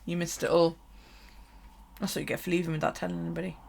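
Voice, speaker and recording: A woman's voice: lowish voice, flat delivery, fast talker, gravelly, a little mellow. A woman hosting a late-night livestream, chatting casually, laughing often and swearing freely as she rambles. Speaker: bullet-journal livestream host. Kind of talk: casual live-stream chat.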